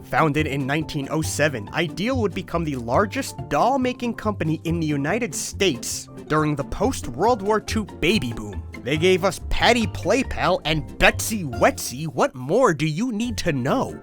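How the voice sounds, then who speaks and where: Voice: medium pitch, sing-song, unhurried, few pauses, a bit bright, faint music behind. A host giving a comedic overview of toy history, with wry, exaggerated comic outbursts.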